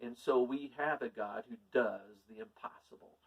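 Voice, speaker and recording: A man, a pastor preaching in an earnest, folksy, unhurried manner. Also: medium pitch, slightly rough, muffled recording. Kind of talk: sermon storytelling. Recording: distant from the mic.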